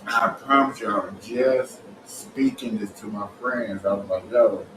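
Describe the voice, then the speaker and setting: A man giving casual, animated reaction commentary, colloquial and repetitive, laughing as he talks. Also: fairly low pitch, measured pace. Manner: animated, colloquial, repeats himself, laughs while talking. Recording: roomy and distant with loud background noise.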